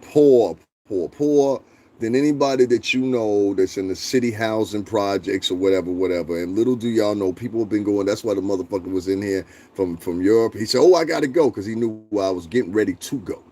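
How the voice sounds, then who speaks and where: A man's voice: lowish voice, fairly quick. A man hosting a livestream, ranting bluntly and profanely and answering his chat. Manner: profane, blunt, animated, talks back to chat. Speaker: livestream host.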